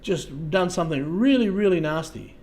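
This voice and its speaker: An Australian man hosting a casual livestream, talking to viewers in a halting way, repeating words and trailing off softly. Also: fairly high pitch, lively intonation. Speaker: livestream host.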